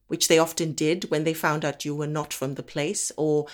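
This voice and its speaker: A woman performs a spoken word monologue from Africa, measured and deliberate, with slow, emphatic pauses. Her voice is low-pitched and level in tone.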